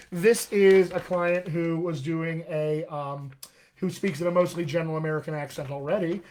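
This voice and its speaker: Male dialect coach, slightly raised pitch, teaching vowels live and modeling sounds for viewers. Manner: demonstrates vowel sounds, addresses viewers as friends. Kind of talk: live-streamed accent lesson.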